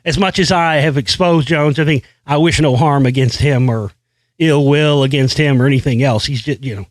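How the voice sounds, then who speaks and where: A man's voice: medium pitch, moderate pace, no echo. A man hosting his own show, delivering a brash, boastful, profane rant full of repeated phrases. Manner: brash, boastful, heavy swearing, repeats himself. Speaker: show host. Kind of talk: profane ranting monologue.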